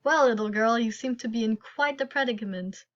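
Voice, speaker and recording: Smug condescending merchant, read by a woman in a game playthrough, slightly high voice, dull lo-fi sound. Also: brisk, natural voice. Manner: condescending, mocking. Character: smug scheming merchant who haggles hard. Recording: lo-fi recording.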